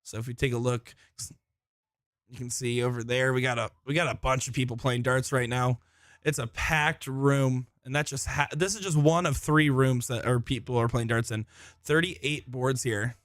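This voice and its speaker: A man's voice: medium pitch, steady tone, normal speed, fairly bright tone, clean studio sound. A man commenting live on a darts tournament from a busy hall, chatting and joking about himself. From Florida. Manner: chatty, joking, self-deprecating.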